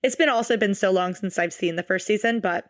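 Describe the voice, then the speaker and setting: A woman's voice: medium pitch, no room sound. Playful woman podcast co-host, dry sound. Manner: playful, emphatic, quick to laugh. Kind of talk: casual podcast chat.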